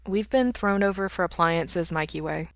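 Gentle older brother voiced by a woman, low and soft, dry reading. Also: moderate pace, no room sound, close to an everyday voice.

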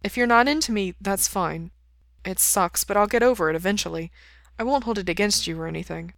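A woman's voice: medium pitch, a little fast, gravelly, a bit bright, no room sound, studio quality. A woman voicing an earnest, devoted young man.

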